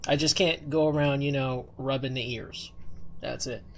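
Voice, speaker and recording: A young man streaming as a VTuber, chatting casually and softly in an ASMR style, rambling and playful. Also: medium pitch, moderate pace, a little hiss or hum. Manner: relaxed, rambling, soft-spoken with playful whispers. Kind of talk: soft-spoken ASMR stream chat.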